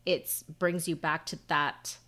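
A woman's voice: low-pitched, level tone, takes it slowly, fairly bright tone. A married woman co-hosting a podcast, chatting openly and personally with lots of "like". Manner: open, personal, chatty with frequent "like". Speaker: podcast co-host. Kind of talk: casual conversation.

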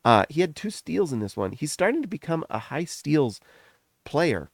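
A middle-aged man hosting a sports podcast, gushing in animated, rapid runs of casual commentary while still foggy from a recent illness. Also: a little high, creaky, dry recording, clean studio sound. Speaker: podcast host.

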